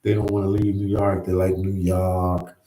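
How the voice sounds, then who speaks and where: Casting: laid-back male livestream host, lowish voice, echoey room, chats loosely with viewers. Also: flat delivery, normal speed, warm tone, slight background noise. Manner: easygoing, repeats phrases, says "man" often. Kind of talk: casual live chat. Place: New York.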